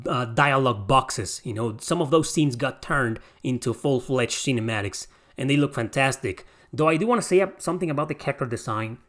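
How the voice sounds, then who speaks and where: Young guy podcasting about a game, rambly, restarts his sentences a lot, gets excited now and then. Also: on the high side. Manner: rambling, self-correcting, enthusiastic opinions. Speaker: podcast host. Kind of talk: casual game review talk.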